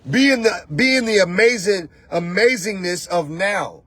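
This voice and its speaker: Man, high-pitched, repetitive emphatic speaker, spiritual coach monologue. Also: normal speed, fairly bright tone, husky, no room sound. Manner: emphatic, preachy, repeats phrases; talks straight to the listener with rhetorical questions. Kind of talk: motivational monologue.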